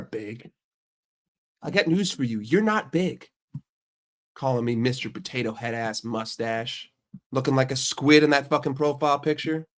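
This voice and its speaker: An American man with a blocked nose from a cold, bantering with his chat in a brash, profane, mock-outraged way. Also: medium pitch. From United States. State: sick with a stuffy nose. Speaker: streamer answering chat. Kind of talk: casual livestream chat.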